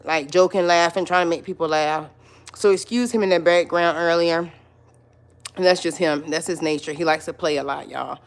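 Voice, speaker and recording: Speaking at normal speed in a low, steady voice, a middle-aged woman runs a casual livestream chat of her own. She welcomes viewers by name and goes over her points more than once.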